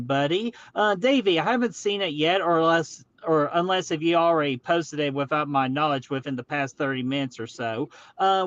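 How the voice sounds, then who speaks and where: A man's voice: on the high side, fairly bright tone, lo-fi sound. A man hosting a casual live stream, upbeat and greeting viewers in the chat one by one. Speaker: livestream host.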